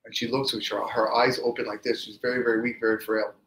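A man, a rabbi, giving a storytelling Torah class and lively acting out the quoted speech of the people in his stories. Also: medium pitch, fast, echoey room, slight background noise, low-quality recording.

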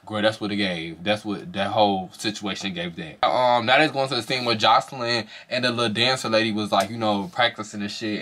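A man reviews a reality show in rapid, casual commentary. His voice is bright and sharp, and he is gossipy and profane. His animated delivery keeps leaping up into shrieks. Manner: animated and sassy, with shrieking highs.

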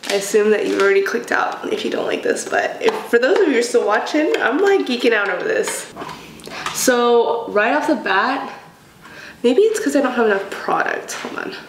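A woman talks casually through her makeup routine, gushing with excitement over new products and poking fun at herself. She is sick today. The room echoes and there is a steady noise behind her. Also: a little high, moderate pace, vocal fry. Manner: gushing, excitable, self-deprecating. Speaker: beauty vlogger. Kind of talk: casual get-ready-with-me chat. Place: home, doing her makeup.

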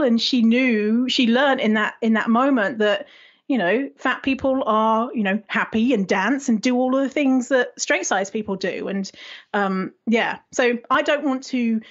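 A woman's voice: fairly high pitch, dull audio. A woman being interviewed, talking frankly and animatedly and swearing freely. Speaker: guest. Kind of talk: casual interview chat.

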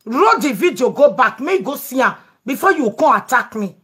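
A woman's voice: high-pitched, very animated, moderate pace, fairly bright tone, slightly rough. A Nigerian woman hosting a live show, taking calls and talking emphatically in pidgin. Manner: emphatic, pleading. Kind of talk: Pidgin live-stream chat with callers.

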